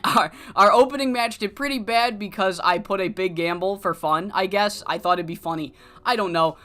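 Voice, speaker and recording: A woman's voice: mid-range voice, normal speed, a bit bright, faint music behind. A woman streamer casually narrating a wrestling management game. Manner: casual, swearing, chatty.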